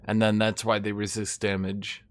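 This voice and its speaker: A man's voice: lowish voice, completely flat delivery, moderate pace. A man giving casual gameplay commentary as a streamer, rambling and chatting to his cat between remarks. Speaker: gaming streamer.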